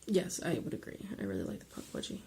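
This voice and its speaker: A woman's voice: extremely low pitch, sing-song, quick pace, vocal fry, warm tone, a little hiss or hum. A woman co-hosting a podcast, joking and playful in casual chat. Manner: jokey, playful. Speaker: podcast co-host.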